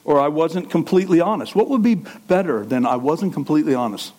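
An animated middle-aged man preaches a conversational sermon a little fast. He moves between low, aside-like remarks and loud, emphatic preaching.

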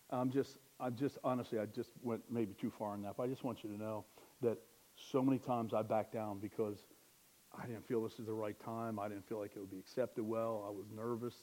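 A man's voice: fairly low pitch, fairly even intonation, normal speed, mellow. A man preaching a sermon in a conversational way, asking rhetorical questions and joking at his own expense. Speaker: pastor.

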